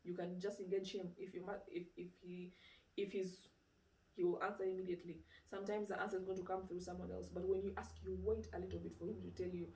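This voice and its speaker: With a fairly low pitch and a fast pace, a woman preaches informally, recorded from a distance so the sound is roomy. She brings a story to life with rhetorical questions and frequent "you know".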